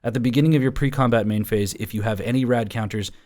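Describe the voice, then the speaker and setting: A man hosting a casual podcast chat, reading card text aloud with halting fillers. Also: medium pitch, a little mellow. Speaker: podcast host.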